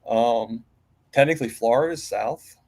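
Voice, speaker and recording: A man's voice: medium pitch, normal speed, gravelly, darkish tone. A man as an interview guest in a casual live-stream chat, rambling with many fillers and restarts.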